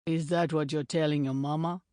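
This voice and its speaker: Woman voicing hulking gruff male teammate, blunt and mocking. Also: sits low, steady tone, fairly quick, a little mellow, dry recording, clean studio sound, lightly acted. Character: huge gruff male rugby player.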